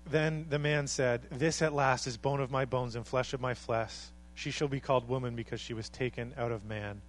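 A man's voice: medium pitch, a little hiss or hum, rough recording. A man preaching a sermon with earnest conviction, building to emphatic peaks and acting out the words people say. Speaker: pastor.

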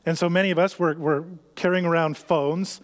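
A man preaching a sermon in an earnest way, often dropping to a soft hush on key lines. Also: a little high, steady tone, normal speed. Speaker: pastor.

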